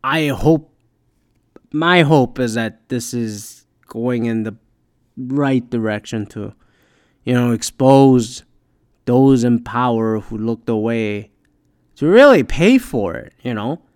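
A man's voice: medium pitch, expressive, slow, a little mellow, clear, resonant tone, dry recording, clean studio sound. A man hosting a solo podcast in a profane, rambling, exasperated rant, sounding tired. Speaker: podcast host.

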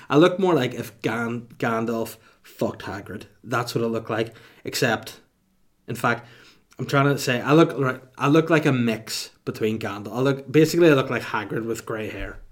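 A man in his thirties hosts a solo podcast, talking to the mic in a loose, rambling way. His humor is crude and self-mocking. His voice sits in a mid pitch. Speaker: podcast host. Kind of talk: casual solo podcast monologue.

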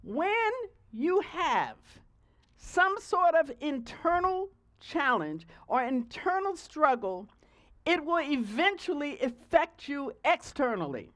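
A woman preaches with a high, light voice, keeping her sermon loose and conversational. She teases her listeners along and checks in with them often. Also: sing-song, slow pace, a bit bright. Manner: conversational, playful preaching with frequent "okay?" asides.

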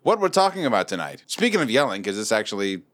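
A man in his thirties hosting a casual podcast chat, jokey and quick to laugh. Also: lowish voice. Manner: animated, jokey, laughs often. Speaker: podcast host.

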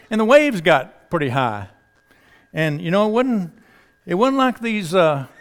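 A man preaching a sermon in a conversational, folksy way, asking the congregation rhetorical questions. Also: sits high.

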